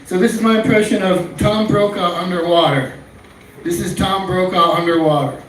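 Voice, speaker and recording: A man's voice: high voice, steady tone, moderate pace. A man doing a stand-up comedy set in a small club, telling crude, rambling stories. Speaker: stand-up comic. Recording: echoey room, far-off mic, faint noise.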